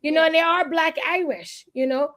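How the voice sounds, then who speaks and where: A woman with a notably high voice co-hosts a casual talk radio show. She chats in an animated, storytelling way, jumping from one point to the next. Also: normal speed. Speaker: co-host.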